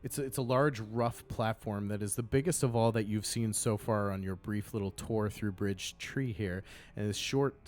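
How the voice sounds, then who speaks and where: A man as game master, narrating a tabletop game with measured, descriptive scene-setting. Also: lowish voice, faint music behind.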